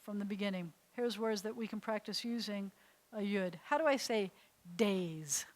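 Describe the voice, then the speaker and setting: An American woman, a rabbi, teaching a beginners' Hebrew class in a lively, chatty way. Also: medium pitch, normal speed, low-quality recording. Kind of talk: classroom lesson. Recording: faint hiss.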